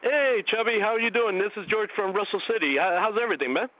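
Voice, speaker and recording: A man's voice: high-pitched, quick pace. A man hosting a wrestling radio show alone, eagerly rambling through his opinions while a bit out of breath from a cold. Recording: tinny phone-like dry line.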